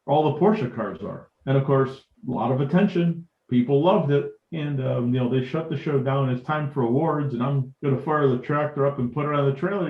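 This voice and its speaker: A man recounts anecdotes as a podcast guest and acts out the dialogue as he goes. His voice sits at a middling pitch. The recording is roomy and echoey, with a dull, lo-fi tone. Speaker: guest, tractor collector. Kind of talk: storytelling in a podcast interview. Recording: echoey room, dull lo-fi sound.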